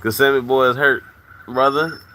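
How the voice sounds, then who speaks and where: A man hosting a loose livestream, talking loudly to his viewers and laughing often. He is a little drunk. His voice is bright and sharp-edged. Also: medium pitch, fairly even intonation, normal speed. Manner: loud, rowdy, laughs often, shouts catchphrases. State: slightly drunk. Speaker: livestream host. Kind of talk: casual livestream chat.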